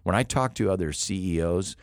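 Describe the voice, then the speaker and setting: Very deep man, middle-aged, earnest storyteller, dry close sound. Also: a little fast, no echo. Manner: earnest storytelling, frequent restarts. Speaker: rescue mission leader. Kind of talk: interview conversation.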